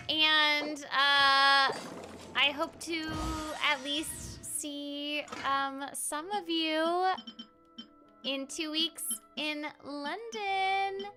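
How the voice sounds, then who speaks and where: A woman's voice: high-pitched, slow, over music. A woman hosting a casual game stream, talking in a bubbly, giggly, rambling way. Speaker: streamer and voice actor.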